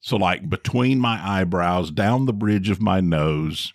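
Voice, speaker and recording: A middle-aged man co-hosting a podcast, telling a story in a dry, drawn-out way with wry emphasis. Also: low voice, no room sound. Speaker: podcast co-host. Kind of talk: casual storytelling chat.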